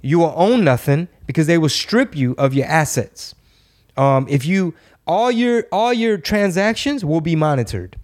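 A man's voice: on the high side, animated, a little slow, a little mellow. A man hosting a podcast, chatting casually in a sarcastic, ranting way. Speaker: podcast host. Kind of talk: casual chat.

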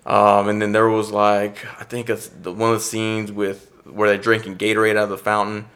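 A man's voice: lowish voice, normal speed. A middle-aged man, an actor and podcast guest, casually telling a story and acting out the dialogue. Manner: lively storyteller who acts out quoted dialogue.

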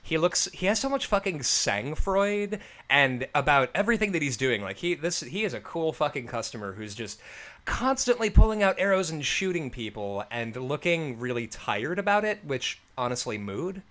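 A man's voice: on the high side, very animated, moderate pace, fairly bright tone. A man in his thirties in casual movie review chat, jokey and swearing, acting out scenes as he talks. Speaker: podcast co-host.

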